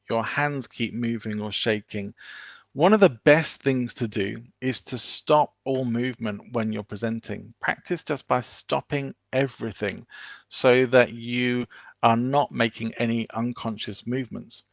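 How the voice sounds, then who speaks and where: A man presents an online business seminar, speaking in a steady, instructive manner. His voice has a gravelly texture in a middle register, and the sound is dry and close, with no room around it. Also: mid-range voice, no room sound. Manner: instructive, measured, deliberate.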